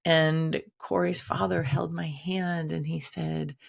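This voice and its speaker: A woman's voice: sits low, steady tone, slow pace, vocal fry, hardly any pauses. A woman telling a personal story in a candid, conversational way, acting out quoted lines dramatically. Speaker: shaman and teacher.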